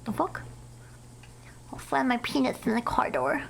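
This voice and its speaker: A woman streaming a horror game live, excitable and cursing a lot, shrieking whenever something startles her. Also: high-pitched, measured pace, vocal fry, low-quality recording. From United States. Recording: loud game noise behind the voice.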